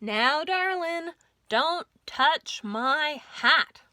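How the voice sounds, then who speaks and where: A drawling Old West sheriff who fusses over his hat, as a woman reads him aloud. He speaks in a bright, pitched-up storybook voice with plenty of folksy charm. The recording is close and dry. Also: lively intonation, drawn-out words, no echo, exaggerated voice. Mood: warning.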